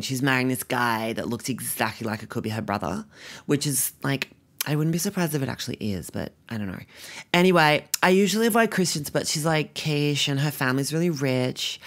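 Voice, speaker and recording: A man's voice: medium pitch, a bit bright. A man playing a vain, crude, self-obsessed young rich girl with a Sydney Australian accent, talking in a comedic vlog monologue full of "like" fillers. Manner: constant "like" fillers, bratty and self-absorbed.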